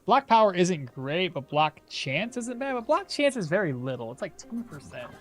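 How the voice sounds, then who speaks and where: A man's voice: high-pitched, very animated, moderate pace, soft background music. A man streaming a game, chatting with his viewers, thinking aloud and laughing often. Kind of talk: casual live-stream commentary.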